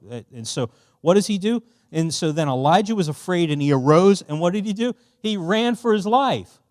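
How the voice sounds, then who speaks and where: Middle-aged man, church workshop speaker, fairly high voice, dry close sound, chatty and boisterous. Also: no room sound. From Philadelphia. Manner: animated, conversational, loud and boisterous by his own account; casual, with many fillers and asides to the audience.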